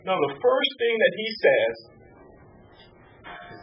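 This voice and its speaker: Male preacher, high and lively delivery, recorded from a distance, dull lo-fi sound. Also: slow pace, soft background music. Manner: animated, swooping between high exclamations and low hushed tones. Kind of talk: sermon. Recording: distant mic, muffled sound, faint hum.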